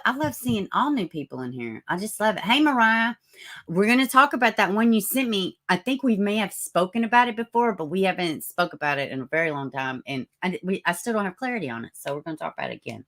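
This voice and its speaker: A woman hosting a live stream with a raspy voice, chatting casually, greeting viewers by name and reading out news. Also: lowish voice, fairly bright tone. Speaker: livestream host.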